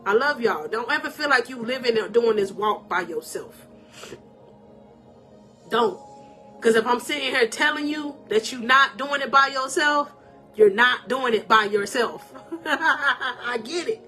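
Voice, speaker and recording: Soft music plays as a woman life coach with a slightly high voice speaks at a measured pace. Animated and emotional, she encourages her live-stream audience, laughing a lot and calling out to them preacher-style.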